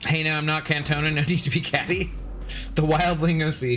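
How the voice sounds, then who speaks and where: A man's voice: on the high side, little pitch movement, brisk, bright, forceful tone, slight background noise. A man casually chatting with his viewers while streaming a game, reading out chat messages and bantering sarcastically. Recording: faint background music.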